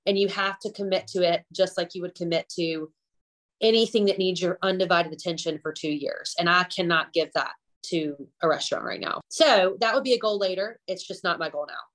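A woman's voice: on the low side, a little fast, fairly bright tone. A woman with a Southern US accent from the Gulf South, a chef chatting candidly as a podcast guest and laughing often. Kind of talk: casual interview chat.

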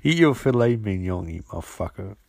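A man voicing a foul-mouthed, angry cartoon stoner who rants insults at his dog, in a low, gravelly voice. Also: lively intonation, brisk, noisy background. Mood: ranting. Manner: swearing, ranting insults.

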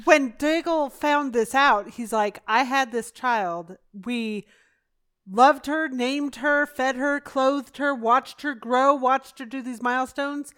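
High-voiced woman, wry and blunt. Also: slow, a bit bright, clear, resonant tone. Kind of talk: casual chat.

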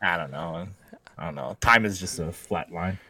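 Bright-voiced man in joking podcast banter. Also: sits low, moderate pace, dry recording, poor audio. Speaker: podcast co-host. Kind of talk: casual chat.

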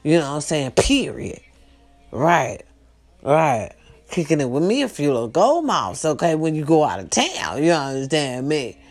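A woman talks straight to her viewers in a casual live monologue. Her voice sits on the low side, but her pitch swings widely. She keeps checking in with her audience, then drops into quiet asides. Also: moderate pace. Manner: animated, swings between loud outbursts and hushed asides. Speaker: host.

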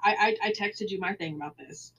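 A woman's voice: mid-range voice, fairly quick, a bit bright, husky, rough recording. A woman co-hosting a casual wrestling podcast, wry and given to sarcastic asides. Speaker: podcast co-host.

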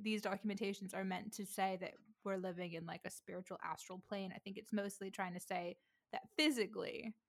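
A woman chats on a podcast in a casual, giggly way, earnestly working through ideas as she explains them. Her voice sits at an ordinary middle pitch. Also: vocal fry, fairly bright tone. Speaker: podcast co-host.

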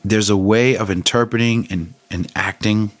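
Low-voiced man telling a personal story. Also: fairly even intonation, moderate pace, dry recording. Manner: candid, conversational, thoughtful, with frequent fillers. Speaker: vlogger.

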